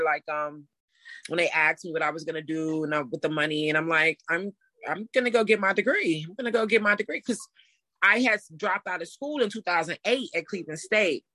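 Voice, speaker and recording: Bright, lively woman telling a story. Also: fairly low pitch, fairly quick, no echo. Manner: animated, acts out quotes with laughs. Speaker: interview guest. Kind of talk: casual storytelling.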